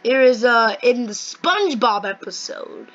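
A woman chatting casually and rambling excitedly while playing a game. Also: on the high side, measured pace, muffled recording. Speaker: gaming video host. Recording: noisy home mic recording.

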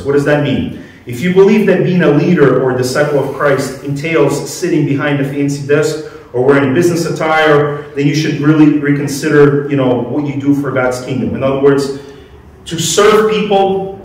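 A man preaching a sermon to a congregation in a conversational way, asking them questions as he goes. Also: on the high side. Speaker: pastor. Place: church hall. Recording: echoey room, mic at a distance.

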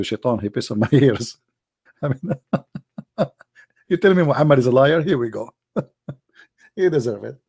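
A man giving a sarcastic, scoffing monologue, slowing right down whenever he reads a quote aloud. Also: medium pitch, vocal fry, warm tone, no echo, studio quality. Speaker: online commentator. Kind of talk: mocking monologue commentary.

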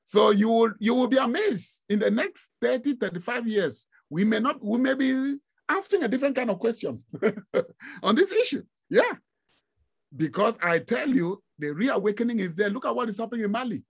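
A man from Africa lecturing over a video call, his high voice swinging widely in pitch. He speaks with a gravelly, husky rasp and an animated, exclamatory delivery. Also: moderate pace. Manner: animated, exclamatory, laughs often. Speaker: guest lecturer. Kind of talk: informal online lecture.

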